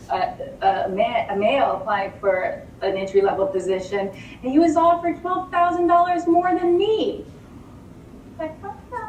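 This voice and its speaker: A middle-aged woman speaks at a fairly high pitch, lecturing a live audience in a chatty, animated way, with lots of repeated words and rhetorical questions. She is picked up from a distance in an echoey room with a faint hum of ambience behind her. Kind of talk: conversational presentation. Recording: roomy hall, distant mic, faint room noise.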